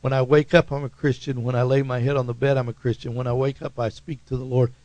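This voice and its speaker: A man with an Oklahoma accent preaching a sermon as pastor, talking in a conversational, emphatic way and swinging suddenly between loud and soft. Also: mid-range voice, level tone, fast talker, no echo, poor audio.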